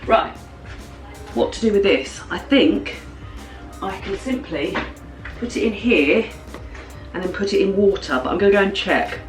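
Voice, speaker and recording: A woman's voice: mid-range voice, measured pace, pauses often, soft background music. Chatty woman vlogging at home. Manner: chatty, rambling, giggly. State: slightly snotty with a cold. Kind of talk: casual chat. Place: home kitchen.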